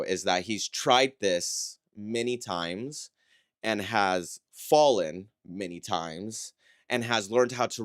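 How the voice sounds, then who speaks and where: A man giving a casual, conversational livestream breakdown of dance routines, critical but encouraging and often checking in with a quick "right?". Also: on the low side, no room sound, clean studio sound. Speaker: dance competition analyst.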